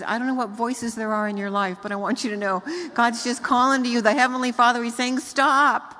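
An older woman, a grandmother, giving a sermon full of family stories, rising to emphatic high notes. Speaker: speaker. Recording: long hall reverb.

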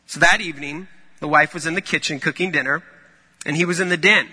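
A man's voice: on the high side, fast talker, pushed and bright, breathy edge, big-room sound. A man preaching a sermon in a conversational, storytelling way. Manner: conversational, storytelling with acted-out quotes.

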